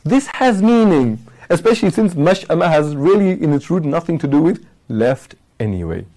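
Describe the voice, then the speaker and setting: Man, fairly high voice, patient lecture, checks in with "yes?". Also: very animated, dark tone, poor audio. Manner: recites Arabic verses slowly. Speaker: Quran teacher. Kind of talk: explanatory class lecture.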